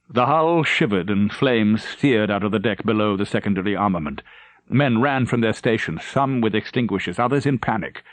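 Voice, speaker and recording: A male narrator reading a war novel aloud in a measured, dramatic manner. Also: lowish voice, fairly bright tone, no echo. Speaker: audiobook narrator. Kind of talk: scripted narration.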